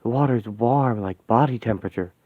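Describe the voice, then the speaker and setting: A man reads this as a blunt, folksy woman who swears easily, grieving and adrift after her death. The voice sits mid-pitch and comes through a dry, tinny, phone-like recording, like a fan-made radio play. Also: fairly quick, no room sound, lightly acted. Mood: wistful. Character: brash grieving middle-aged woman, dead and adrift.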